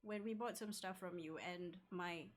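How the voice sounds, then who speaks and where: A woman's voice: lowish voice, moderate pace. A woman in casual chat as a player in a tabletop game, chatty and correcting herself as she goes.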